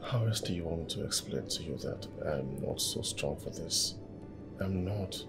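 An actor playing a wealthy boss who talks in a tired, pleading way. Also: male voice, a bass voice, normal speed, gravelly. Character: wealthy boss, man, weary and gentle. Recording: music playing underneath.

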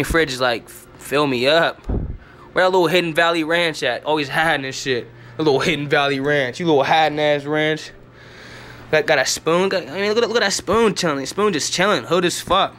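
A man's voice: a little high, sharp tone, a little hiss or hum. A young man giving a rambling, hyper home tour on a handheld camera, talking in slangy, profane bursts indoors at home.

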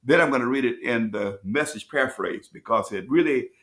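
A man teaching as pastor at a midweek bible study, reading scripture slowly and restating phrases as he explains. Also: mid-range voice, fairly bright tone. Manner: preacherly, repeats and restates phrases; reads scripture slowly with rising emphasis.

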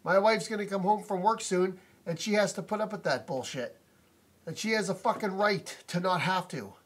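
A man's voice: high-pitched, moderate pace, husky. A man ranting to camera from inside his house, indignant and repetitive, swearing often, recorded on a phone or camera mic. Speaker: vlogger complaining about a noisy neighbor. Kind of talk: angry profane rant to camera.

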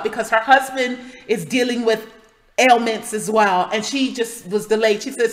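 A woman hosting her channel, retelling a personal testimony in an animated way, quickly correcting herself as she goes. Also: fairly high pitch, in a large hall, rough recording. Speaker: channel host.

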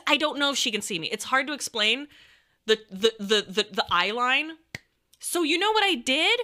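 Young woman, high bright voice, animated storyteller, crude and self-mocking, chatting to viewers. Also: normal speed. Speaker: streamer telling a story. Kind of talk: casual storytelling to chat.

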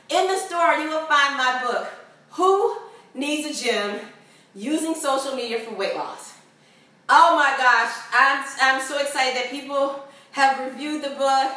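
A woman's voice: high voice, bright, forceful tone. A woman fitness instructor leading a home workout video, upbeat and encouraging, a bit out of breath. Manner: upbeat, encouraging, laughs often. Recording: echoey room, far from the mic.

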